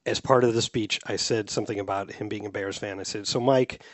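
A man's voice: lowish voice, steady tone, fairly quick, no room sound. Middle-aged man, chatty storyteller. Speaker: podcast co-host. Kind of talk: casual chat.

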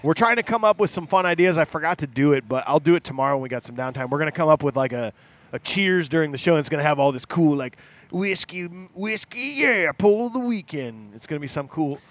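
A man's voice: fairly high pitch, rapid-fire, no echo. A man hosting a casual podcast, rambling through announcements off the cuff. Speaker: podcast host and band member.

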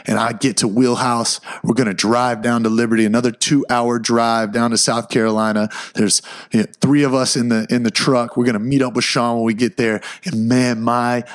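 A man who is a motivational speaker and podcast host, telling a personal story in a casual, animated way and often adding "man". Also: medium pitch, moderate pace.

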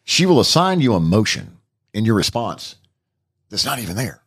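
A middle-aged man hosting a casual podcast chat, animated and jokey, his voice climbing into mock outrage. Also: lowish voice, normal speed, breathy edge. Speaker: podcast host.

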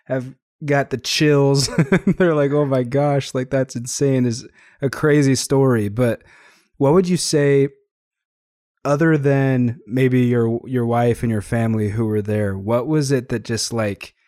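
A man hosting a podcast, asking questions in a relaxed, casual way. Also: medium pitch, unhurried, no room sound, clean studio sound. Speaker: podcast host. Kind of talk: casual interview chat.

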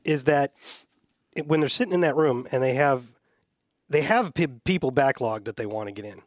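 A man hosting a casual sports panel chat, opinionated and measured, laughing easily. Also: mid-range voice, expressive, dry recording. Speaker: sports podcast host.

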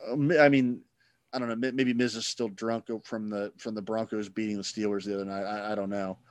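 A man's voice: on the low side, little pitch movement, fairly quick, dry recording. A man hosting a casual podcast chat, rambling and sarcastic, swearing freely.

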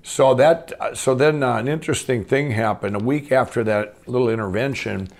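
A middle-aged man telling his life story as a guest, rambling and animated, full of fillers and restarts. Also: mid-range voice, normal speed. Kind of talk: casual storytelling.

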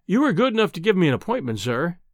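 Guy doing a humble young reporter, polite and a bit fake-earnest, lively pitch, dry sound. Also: normal speed, dry recording. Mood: eager. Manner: deferential, falsely earnest. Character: eager, humble young male journalist. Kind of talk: audiobook character reading.

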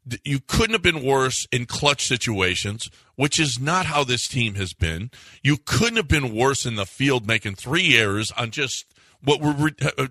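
Bright, exasperated man ranting on sports radio. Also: no echo. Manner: exasperated, rants with rising pitch.

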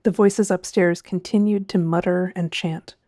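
A woman reads a story aloud in a mellow, darker voice with measured, even pacing. The recording is dry and close, with no room sound. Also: fairly low pitch, no echo. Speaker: narrator. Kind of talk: scripted narration.

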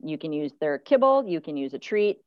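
Lively woman dog trainer. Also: brisk, dry recording, lo-fi sound. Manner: animated, acts out dogs' thoughts in high voices. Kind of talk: advice podcast chat.

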